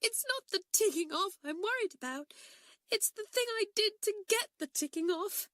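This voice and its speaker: A woman voicing a distraught schoolgirl, crying and pleading in a high, strained voice. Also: animated, moderate pace, fairly bright tone, no room sound, clean studio sound. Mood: sobbing. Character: distraught schoolgirl, tearful and ashamed.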